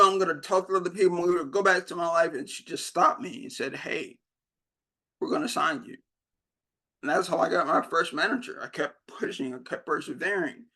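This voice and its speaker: A man's voice: fairly high pitch, pushed and bright, slightly rough. A young man giving a motivational keynote, telling his story and acting out the dialogue. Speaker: keynote speaker.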